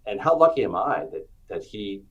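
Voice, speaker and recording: A middle-aged man, an author being interviewed, telling personal stories with animated acted-out quotes. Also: fairly low pitch, moderate pace, breathy edge, lo-fi sound. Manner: animated storyteller, acts out quotes. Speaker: author and guest. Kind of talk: storytelling interview chat.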